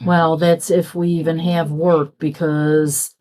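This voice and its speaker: Slow-talking, low-voiced woman chatting. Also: little pitch movement, darkish tone. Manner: chatty, rambling, acts out quoted dialogue. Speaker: crafting vlogger. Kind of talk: casual chat while crafting.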